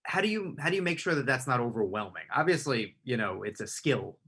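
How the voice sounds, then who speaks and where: A man's voice: mid-range voice, expressive, a little fast, pushed and bright, husky. A man interviewing a guest, asking long, rambling questions with frequent restarts. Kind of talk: conversational interview.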